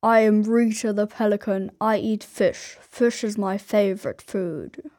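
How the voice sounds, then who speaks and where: A woman's voice: mid-range voice, fairly even intonation, measured pace, warm tone, no echo, studio quality, lightly acted. A woman voicing a pelican in a plain, matter-of-fact tone for a language lesson. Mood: calm.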